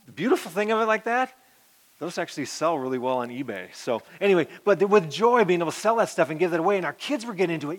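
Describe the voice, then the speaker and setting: A middle-aged man, a pastor, giving an earnest personal testimony that rambles with restarts and often sinks to a soft murmur. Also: fairly high pitch, lively intonation, quick pace.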